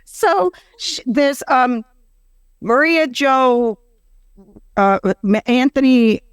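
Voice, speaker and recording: A woman's voice: sits high, very slow, smooth, no echo, studio quality. A woman hosting a podcast, chatting casually with rambling asides and frequent laughs. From Western New York. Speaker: podcast host. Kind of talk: casual interview chat.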